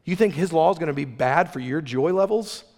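A man's voice: on the high side, expressive, fairly quick, in a large hall. A man preaching a sermon, earnest and conversational, asking the listeners question after question. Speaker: pastor.

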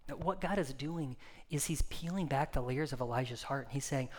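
A man's voice: mid-range voice, brisk, big-room sound. A man preaching a sermon in a casual, conversational way, acting out the quoted lines with rising intensity. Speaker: pastor.

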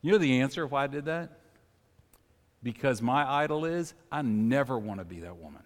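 A man's voice: medium pitch, animated, normal speed, in a large hall. A man preaching a sermon as pastor, talking casually, telling personal stories and putting questions to the congregation. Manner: conversational, personal storytelling, asks the congregation questions. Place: church sanctuary.

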